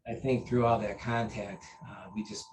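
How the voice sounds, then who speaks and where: A man recounting memories of his teacher in an interview, earnest and halting, with many fillers and restarts. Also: mid-range voice, fairly even intonation, a little mellow, a little hiss or hum, rough recording. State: briefly choked up. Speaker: interview guest, taekwondo master. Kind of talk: conversational storytelling.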